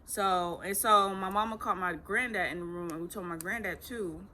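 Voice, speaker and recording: A woman's voice: mid-range voice, moderate pace, a little hiss or hum. A teenage girl, telling her own story casually as a vlogger and acting out what people said. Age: teens. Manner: chatty, animated retelling with acted quotes.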